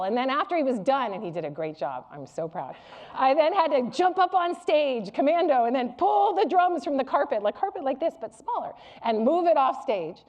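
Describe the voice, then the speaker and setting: A middle-aged woman delivering a public lecture to a live audience. Her voice sits a little high, and she tells stories with a candid, humorous, animated manner.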